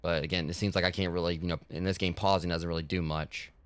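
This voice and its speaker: A man's voice: deep voice, little pitch movement, quick pace, clear, resonant tone, no echo. A man streaming a horror game and chatting loosely to his viewers, rambling with lots of fillers. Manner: rambling, heavy with fillers like "like" and "you know". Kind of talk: casual gaming livestream talk.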